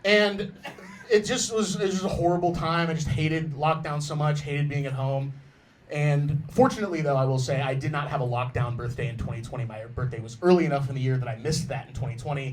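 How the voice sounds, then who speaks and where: A man in his twenties doing a stand-up set on a comedy club stage, talking conversationally with deadpan asides and sudden loud, laughing outbursts. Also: fairly high pitch, brisk, slight background noise. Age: 20s. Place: comedy club stage before a live audience.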